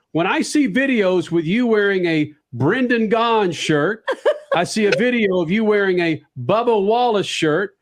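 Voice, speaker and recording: A man hosting a radio talk show, talking with enthusiasm and hyping up his guest. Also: high voice. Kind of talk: energetic casual radio talk. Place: radio studio.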